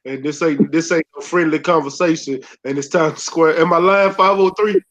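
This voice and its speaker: A man's voice: a little high, steady tone, normal speed, a bit bright. A man from Texas with a Texan accent, talking in emphatic, laughing casual banter on a podcast. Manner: emphatic, laughing, swears freely.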